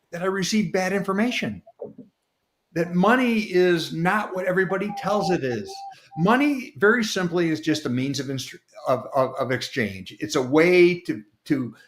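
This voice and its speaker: A man's voice: on the high side, a bit bright. Folksy man telling homely stories. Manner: folksy, storytelling with homely examples. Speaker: guest author. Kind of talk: casual explanatory talk. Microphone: video call.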